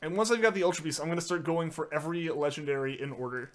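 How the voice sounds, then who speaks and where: A man's voice: a little high, fast talker. A man streaming a game, chatting casually and answering viewer messages, often using filler words and restarting his sentences. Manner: filler-heavy, many "like"s and restarts. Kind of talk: casual live-stream chat.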